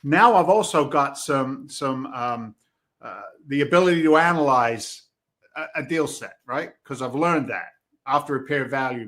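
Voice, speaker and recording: On a podcast, a middle-aged guest with a Boston accent, who invests in real estate, delivers animated conversational stories. His voice is mid-range and a bit bright, and he performs the quotes while swearing casually.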